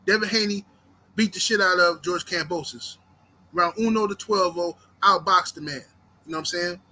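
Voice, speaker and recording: Intense and combative, a high-voiced man with a sharp, forceful edge runs a heated boxing commentary at a moderate pace. He's profane and fired up, cursing freely and peppering his audience with rhetorical questions.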